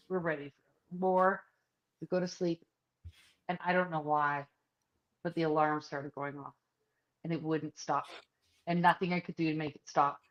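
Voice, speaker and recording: A woman's voice: low-pitched, highs cut off. A woman co-hosting a podcast, casually telling a story with lots of swearing and acting out other people's lines. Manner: profane, animated storyteller who acts out others' lines. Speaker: podcast co-host. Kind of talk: casual chat, personal storytelling.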